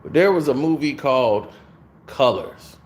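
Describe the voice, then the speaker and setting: A man giving a casual, animated spoiler review of a film, talking to his viewers. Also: fairly high pitch. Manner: animated, conversational, drawn-out delivery.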